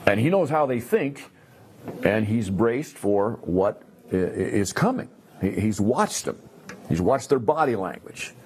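A man teaching a Bible class in a lively way, acting out the characters and often repeating himself. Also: on the low side, unhurried. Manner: animated, acts out characters, repeats words.

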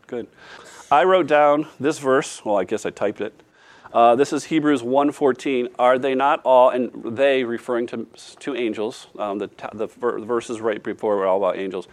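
A man's voice: mid-range voice, fairly even intonation, normal speed. Man leading a church study group. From former math teacher. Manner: informal, loose with fillers and restarts. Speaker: Bible study teacher.

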